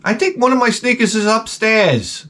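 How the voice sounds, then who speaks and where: A man's voice: high-pitched, lively intonation, moderate pace, pushed and bright, pitched above the performer's own voice. A man voicing his young son, whiny and dawdling, in a raised voice. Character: whiny young boy dawdling over sneakers.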